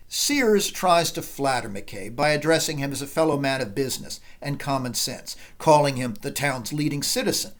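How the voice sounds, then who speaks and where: Man lecturing on film. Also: medium pitch. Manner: measured analytic lecturing. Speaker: film professor. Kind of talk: classroom lecture.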